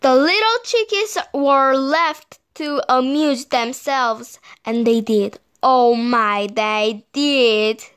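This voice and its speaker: A woman whose first language is Korean, reading a children's story aloud in a slow, sing-song way. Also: high voice, fairly bright tone, clear, resonant tone.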